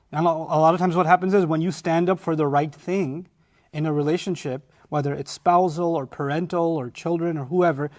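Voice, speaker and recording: A man teaching a Quran study lecture, animated and often acting out quoted lines. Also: sits high.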